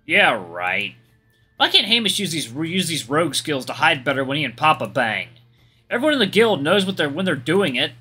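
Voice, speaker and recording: A man's voice: fairly high pitch, very animated, moderate pace, pushed and bright, slightly rough, soft background music, exaggerated voice. A man doing a sarcastic sulky young hyena. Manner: sarcastic, whiny. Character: snarky young male hyena son, sulky.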